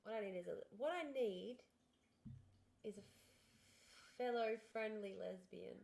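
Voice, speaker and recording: A woman's voice: medium pitch, a little slow, vocal fry, a little mellow. A young woman livestreaming from home, chatting frankly and casually straight to her viewers into a desk microphone. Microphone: desk streaming microphone.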